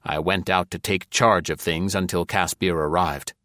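A man narrating a first-person novel in an audiobook, with an even, measured, dry delivery. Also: sits low, no echo.

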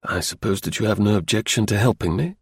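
A man reads a brisk, dry-witted middle-aged detective. His speech is crisp, measured and confident, with a gravelly, husky texture. It sounds dry and close to the mic. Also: fairly low pitch, no echo, pitched below the performer's own voice.

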